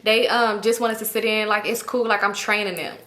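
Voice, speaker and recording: A woman's voice: mid-range voice, steady tone, a little fast, bright, forceful tone, lightly acted. A woman voicing a bossy, tipsy young woman friend who talks bluntly and curses. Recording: echoey room.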